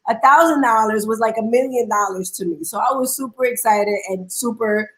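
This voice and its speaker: A woman's voice: on the high side, fairly quick, rough recording. A woman guest in an interview, chiming in briefly beside her husband. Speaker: guest, wife of the storyteller. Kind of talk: casual interview chat.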